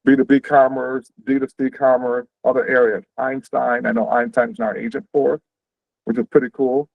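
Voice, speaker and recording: A man hosting an info session on a video call, explaining career paths quickly and conversationally, checking in with "right?". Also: medium pitch, little pitch movement, gravelly, no echo. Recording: tinny, phone-like dry audio.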